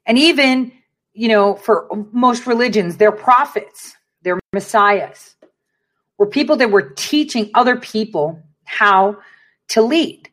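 A woman's voice: a little high, expressive, slow, fairly bright tone. A woman hosting an online commentary show, speaking in an emphatic, preachy way and repeating phrases for effect. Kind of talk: casual political commentary.

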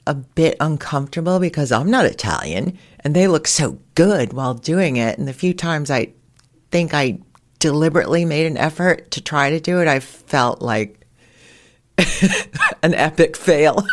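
A woman hosting a podcast, telling casual stories in a chatty way and laughing often. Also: on the low side. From United States. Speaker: podcast host. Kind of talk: casual storytelling monologue.

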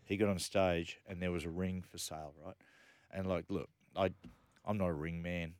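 A man's voice: low voice, steady tone, moderate pace, darkish tone, no echo, studio quality. A man with an Australian accent hosting a radio show, telling jokey stories and mocking others in casual banter. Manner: joking storyteller, mocking, laughs a lot. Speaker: radio host. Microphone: studio microphone.

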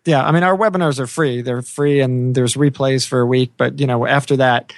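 A man's voice: medium pitch, steady tone, fairly quick, no echo, studio quality. A man co-hosting a podcast in easygoing casual chat, with lots of fillers and restarts. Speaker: podcast co-host.

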